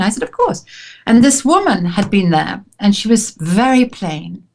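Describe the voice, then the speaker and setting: A woman co-hosting a casual chat, telling stories in an animated way and laughing often. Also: medium pitch, moderate pace. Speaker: co-host.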